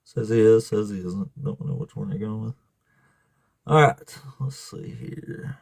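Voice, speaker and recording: A man's voice: on the low side, unhurried, vocal fry, darkish tone, no room sound. Blunt Alabama man hosting a stream. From Southern US. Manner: blunt, swears freely, laughs often. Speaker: live stream host. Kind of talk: casual live-stream chat.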